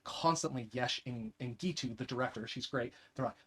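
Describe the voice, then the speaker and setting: A man talking as a guest actor in a casual interview, animated and jokey, often acting out little quotes. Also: mid-range voice, fairly quick, slight background noise.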